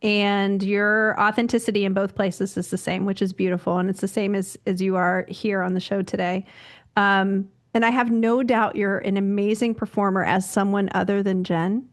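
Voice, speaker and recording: Woman host, mid pitch, encouraging interviewer. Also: steady tone, normal speed. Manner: warm affirming, gushing praise. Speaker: podcast host. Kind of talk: interview conversation.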